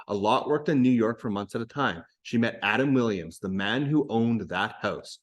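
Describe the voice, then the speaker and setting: A man's voice: mid-range voice, normal speed, natural voice. A man reading as a matter-of-fact local woman. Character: confident local woman telling a wild tale.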